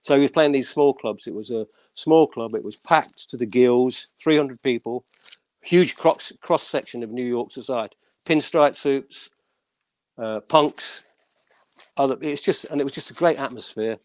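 Man telling lively stories. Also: mid-range voice, normal speed, no room sound. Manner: animated storyteller, acts out quoted voices; frequent stammered restarts. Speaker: session musician guest. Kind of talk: casual anecdote telling.

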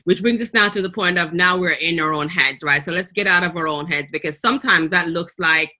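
A woman with a Jamaican accent hosts the chat in a bright, clear tone. Her voice sits somewhat low. She speaks encouragingly and often checks in with her guest. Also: fairly quick. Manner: encouraging, coaching, often ends with "right?". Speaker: host, coach. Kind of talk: casual interview chat.

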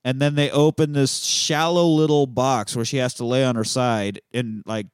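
A man hosts a casual movie show and walks through a film scene by scene, cursing often and breaking into laughter along the way. His voice sits at an ordinary middle pitch. It sounds close and dry, with no room sound. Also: steady tone, smooth, no room sound. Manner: profane, chatty and quick to laugh, acts out quotes. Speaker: movie podcast host.

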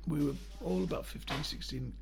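An older man spins rambling pub stories and old one-liners as a comedian guest. His voice is a touch high for a man and has a gravelly edge. He drops into quick character voices mid-story. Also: background noise. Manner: rambling joke-telling storyteller with quick impressions. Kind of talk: casual anecdotal chat.

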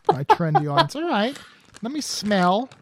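A woman hosts a podcast, chatting playfully and exclaiming as she tastes food, using a podcast mic with a guest on video call. Her mid-range voice swings widely in pitch at a slightly slow pace, and the audio is very noisy.

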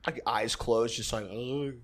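A man's voice: medium pitch, lively intonation, brisk, fairly bright tone. A man telling a rambling, profane story in casual chat, acting out his own quotes along the way.

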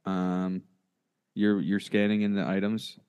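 A man's voice: sits low, level tone, unhurried, a little mellow, clean tone, muffled recording. A man hosting a casual podcast chat, playful and bantering with his co-host.

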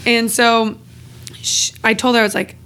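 On a slightly hissing or humming recording, a podcast co-host speaks candidly in a slightly high, fairly bright voice with little pitch movement and a moderate pace. She keeps it casual, swearing freely and laughing between phrases.

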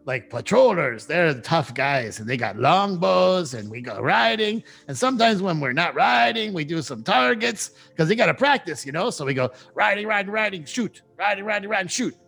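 Man voicing an excitable, gushing dire wolf. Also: high-pitched, normal speed, creaky, hardly any pauses, husky, pitched above the performer's own voice, exaggerated voice. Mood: boastful. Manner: gushing, breathless enthusiasm.

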